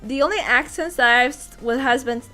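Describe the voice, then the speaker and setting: A high-pitched woman chats casually on a livestream about her voice acting work. She is animated, laughs often and restarts her sentences mid-thought. Soft background music plays faintly under her voice. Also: normal speed. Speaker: voice actor and streamer.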